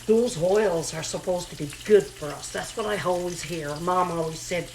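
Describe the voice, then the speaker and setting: A woman's voice: moderate pace, hardly any pauses, a little hiss or hum, rough recording. Chatty woman. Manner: chatty, repeats her phrases, talks to herself; talking a little low and hushed. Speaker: home cooking vlogger. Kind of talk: casual cooking chat to camera. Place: home kitchen. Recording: home kitchen recording, audible pan sizzle. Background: frying pan sizzling.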